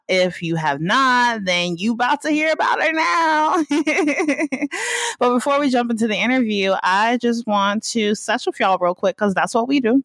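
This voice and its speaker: This clip features a woman with a medium-pitched, fairly bright voice and no echo, speaking into a podcast microphone at home. She's running a casual solo show from her apartment, relaxed, drawling some words and frequently breaking into laughter.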